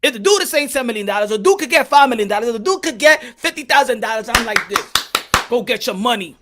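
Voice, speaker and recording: A man's voice: extremely high pitch, expressive, quick pace, noisy background. A man hosting a boxing commentary channel, ranting his opinion and repeating his points, dragging words out for emphasis. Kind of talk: opinion rant to camera.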